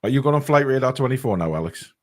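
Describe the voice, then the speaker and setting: A man hosting a casual podcast, reading out comments in a blunt, halting, sometimes sweary way. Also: medium pitch, animated, a little mellow. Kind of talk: casual chat.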